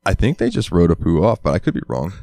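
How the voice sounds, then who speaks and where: A man's voice: very animated, fast, dark tone, no room sound, studio quality. A man co-hosting a casual podcast on a headset mic, laughing and swearing as he jokes around. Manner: laughing, swearing, breaks into silly high-pitched impressions. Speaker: podcast co-host. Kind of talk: casual chat.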